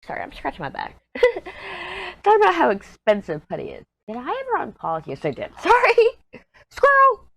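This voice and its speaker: A woman's voice: medium pitch, wildly swooping pitch, a little fast, creaky. A woman in her thirties chatting casually as a crafting vlogger while she works, rambling, easily sidetracked, candid and jokey. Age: 30s. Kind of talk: casual chat while diamond painting.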